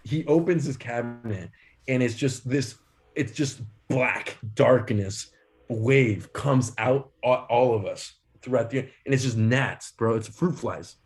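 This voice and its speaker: A man co-hosting a podcast, telling funny stories in an animated way, laughing often. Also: mid-range voice, takes it slowly. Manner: animated, laughing, lots of fillers. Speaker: podcast co-host. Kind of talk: casual storytelling.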